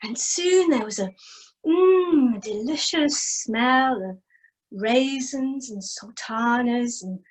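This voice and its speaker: A woman storyteller with a high, bright voice spins a traditional folk tale for a family audience. She speaks slowly and expressively, makes the animal noises herself, and invites listeners to join in. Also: low-quality recording.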